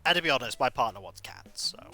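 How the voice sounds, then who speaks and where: A man's voice: medium pitch, lively intonation, fast talker, pushed and bright, soft background music. A man in his thirties streaming a video game, chatting in a playful, rambling, self-mocking way. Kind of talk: casual live game stream commentary.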